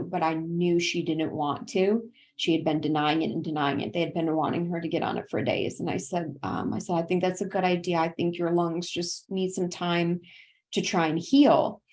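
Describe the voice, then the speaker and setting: A woman's voice: fairly low pitch, a little mellow. A woman in her thirties from South Carolina, a podcast guest telling an earnest, tearful personal story. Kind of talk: personal conversation.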